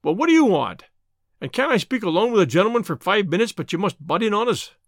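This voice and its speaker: A domineering gang boss fires off hard, probing questions and blusters with menace, voiced by a male audiobook narrator. The voice sits higher than usual and swings widely in pitch, and the sound is dry and close. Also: big pitch swings, a little fast, gravelly, no echo, heavily acted. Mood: blustering. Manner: blustering, interrogating. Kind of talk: audiobook character reading.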